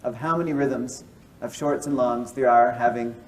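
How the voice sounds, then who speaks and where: A man's voice: mid-range voice, fairly even intonation, moderate pace, far from the mic, a little hiss or hum, rough recording. A man who is a mathematician explaining ideas step by step, often checking in with his listeners. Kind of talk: explanatory lecture and interview.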